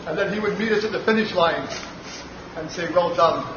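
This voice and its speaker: A man speaking gently and prayerfully in a Bible discussion. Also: high voice, fairly quick. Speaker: participant in a Bible study. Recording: distant, echoey, muffled and noisy.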